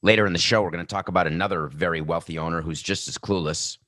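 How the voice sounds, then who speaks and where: A man's voice: sits low, fairly even intonation, fast talker, bright, forceful tone, no room sound, studio quality. A man hosting a sports podcast, talking in a sarcastic, mocking way. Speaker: podcast host.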